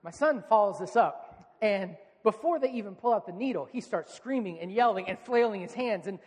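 A male pastor in his thirties preaching a sermon in a relaxed, conversational storytelling manner, acting out quoted lines. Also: high-pitched, normal speed, husky, long reverb tail.

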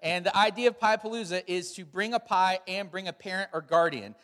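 High-pitched male pastor, middle-aged, casual storyteller, long church reverb. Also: a little fast, fairly bright tone. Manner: casual, storytelling, with frequent fillers. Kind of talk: sermon with announcements. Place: large church hall.

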